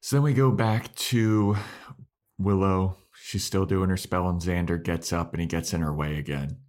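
A young man with a very low voice co-hosts a casual podcast and recaps the plot. He talks in an animated, loose way, swears freely and slips into quick impressions of the characters. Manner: animated, profane, acts out quoted lines. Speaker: podcast co-host.

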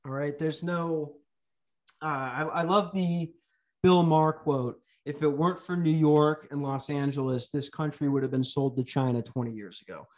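A man's voice: on the high side, steady tone, moderate pace, a little mellow. Young guy ranting on a podcast, swears a ton, sarcastic. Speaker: podcast host. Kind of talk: profane comedic podcast rant.

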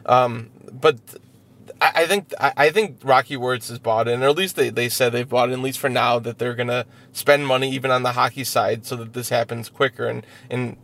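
A man with a gravelly voice talks in a halting way, restarting his sentences again and again as he weighs his points. The chat is a casual sports podcast. He is recorded inside a parked vehicle outside an arena. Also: medium pitch, fairly even intonation, fairly bright tone. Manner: halting, many stammered restarts. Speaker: podcast co-host.

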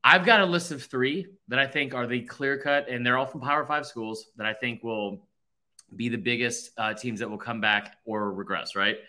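Bright-voiced man in his thirties, rambling. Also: medium pitch, moderate pace. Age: 30s. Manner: rambling, animated, self-interrupting with fillers. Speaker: podcast host. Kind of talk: casual sports podcast chat.

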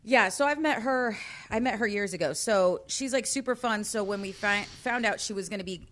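Bright-voiced woman in her thirties. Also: medium pitch, normal speed, a little hiss or hum. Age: 30s. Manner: rambling storyteller, often trails off softly. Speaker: co-host. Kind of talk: casual chat.

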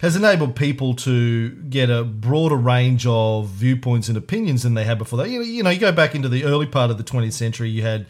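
A man's voice: mid-range voice, lively intonation, fast talker, few pauses, a little mellow. A man co-hosting a history podcast in casual, rambling chat, cursing freely, with many fillers and restarts. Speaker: podcast co-host.

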